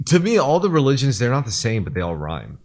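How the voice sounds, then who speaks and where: A man's voice: medium pitch, wildly swooping pitch, quick pace, a little mellow. A man co-hosting a podcast in casual banter, playful and teasing, often laughing and stretching words out for effect. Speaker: podcast co-host.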